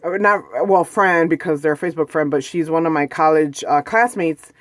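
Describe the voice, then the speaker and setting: A woman's voice: low-pitched, moderate pace, dry recording. Woman, casual home vlog, rambling storyteller, lots of fillers, dry close sound. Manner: chatty and rambling, with frequent "like" and "you know". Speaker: vlogger. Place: at home, indoors.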